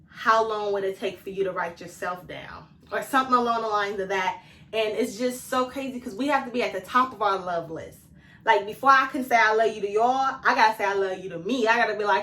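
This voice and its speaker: A woman's voice: medium pitch, a bit bright, a little hiss or hum. A woman vlogger giving self-care tips in a casual, slangy, chatty way, talking straight to her viewers and laughing often. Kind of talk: casual talk to camera. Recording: echoey room, mic at a distance.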